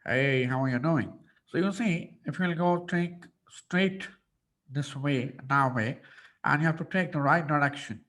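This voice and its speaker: A man's voice: a little high, fairly bright tone. A man putting on a friendly Australian man with an Australian accent giving street directions.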